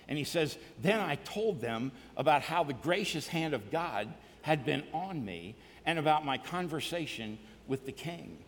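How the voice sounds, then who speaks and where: A male pastor preaching a sermon to a church, energetic, often shouting and singing along with the congregation. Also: on the high side, measured pace, few pauses, big-room sound, slight background noise. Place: large church hall.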